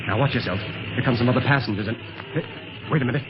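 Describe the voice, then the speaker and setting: An actor playing a calm, seasoned secret police agent in a 1930s radio serial, steady and giving orders. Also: male voice, medium pitch, quick pace, highs cut off, lightly acted. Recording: scratchy noisy 1930s radio recording.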